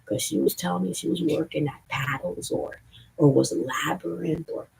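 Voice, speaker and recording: A livestreamer from the Southern United States with a Southern accent, rambling in a profane, excitable way and jumping between topics, with a gravelly, raspy voice. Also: mid-range voice, moderate pace, poor audio. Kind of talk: rambling live stream chat.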